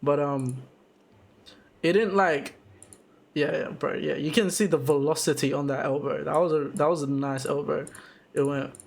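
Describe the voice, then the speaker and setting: A young man casually narrating footage of his own amateur Muay Thai fight, excited and slangy, full of restarts and sound effects. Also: fairly high pitch, moderate pace, creaky. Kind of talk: casual fight breakdown commentary.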